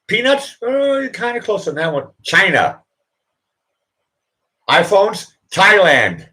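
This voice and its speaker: A man's voice: high voice, very animated, takes it slowly, sharp tone, pitched above the performer's own voice, full character voice. A man putting on a blustering male radio pundit who hectors listeners about wrong answers. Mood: scolding.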